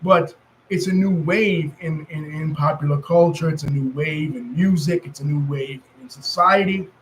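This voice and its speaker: A man's voice: a little high, moderate pace, slight background noise, rough recording. Rambling man with a New York accent. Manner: rambling, many fillers and self-corrections. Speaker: wrestling history commentator. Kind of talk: casual storytelling monologue.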